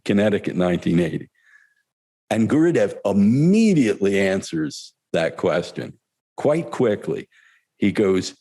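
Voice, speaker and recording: An older man shares spiritual stories in an unhurried, reflective talk. His voice is mellow and relaxed, and he pauses often and chuckles along the way. He speaks at a slow, thoughtful pace. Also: lowish voice. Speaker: spiritual storyteller.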